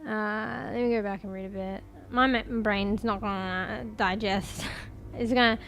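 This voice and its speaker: Aussie streamer girl, bright tense voice, chatty and sweary. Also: mid-range voice, fairly even intonation, a little slow, slight background noise. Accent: Australian. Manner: chatty, swears casually, reads chat aloud. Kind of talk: casual live-stream chat.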